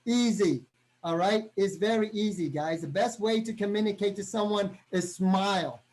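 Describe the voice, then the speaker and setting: A man giving an energetic motivational training talk over a video call, constantly checking in with his listeners. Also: high-pitched, moderate pace. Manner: energetic, punctuates every point with "right?".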